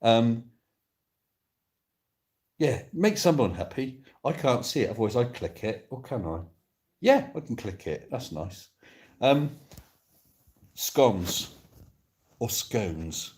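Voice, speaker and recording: Lounging indoors on a sofa, a Devon man livestreams from his phone and reads out viewer comments with a joking, playful touch. He has a medium-pitched, expressive, slightly mellow voice, speaking a little slowly with long pauses.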